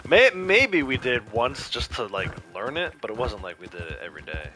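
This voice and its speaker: A man's voice: mid-range voice, sing-song, normal speed, noisy background. A man with a Connecticut accent chatting casually and rambling easily as he streams a game. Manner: laid-back, rambling, chuckling. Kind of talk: casual chat while streaming gameplay.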